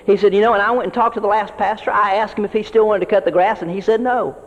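Speaking fast in a high voice with fairly even intonation, this man delivers a sermon to fellow ministers, earnest and folksy, repeating words to build each point. Background noise is present, and the recording sounds dull with a long hall reverb.

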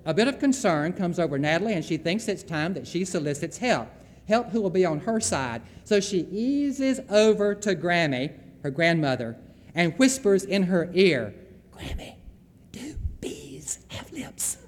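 A man's voice: high voice, animated, normal speed, big-room sound. A Southern man giving a folksy, emphatic lecture on Christian leadership, with storytelling asides.

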